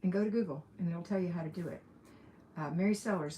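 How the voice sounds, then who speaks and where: Speaking fast with a warm tone and a fairly low pitch, a livestream host with an Alabama accent runs a casual live question session. She's chatty and reads viewer comments aloud, laughing now and then, from a room at home with the window open, with a little hiss or hum in the audio.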